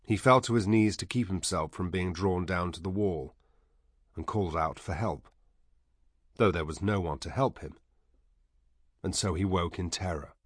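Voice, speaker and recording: Deep-voiced male audiobook narrator. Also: normal speed, long pauses, husky, dry recording, studio quality. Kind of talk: scripted narration.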